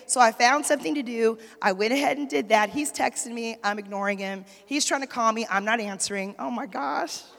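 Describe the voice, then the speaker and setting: A woman with a high voice preaches to a church congregation, and her words ring out with a long echo through the hall. She tells her story with lively energy and keeps asking the congregation to respond. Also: a little fast, creaky, few pauses, slight background noise. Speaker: pastor's wife preaching. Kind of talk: sermon. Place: church sanctuary.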